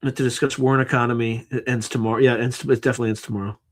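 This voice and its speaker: A man hosting a live stream, talking in a loose, thinking-aloud way. He sounds tired and yawns now and then, dropping dry, sarcastic asides as he reads. His voice sits at an ordinary middle pitch for a man. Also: little pitch movement, rapid-fire. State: tired, yawning. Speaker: livestream host. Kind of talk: casual live-stream commentary.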